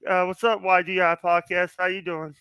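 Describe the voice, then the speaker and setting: High bright-voiced stuttering man. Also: little pitch movement, moderate pace, clean tone, no room sound, rough recording. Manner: stuttering, nervous restarts. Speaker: podcast guest. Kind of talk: casual chat.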